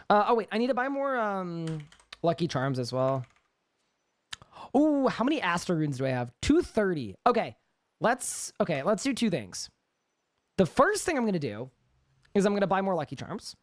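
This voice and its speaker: A young man with a Canadian accent, chatting casually on a live gaming stream and answering chat questions. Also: high-pitched.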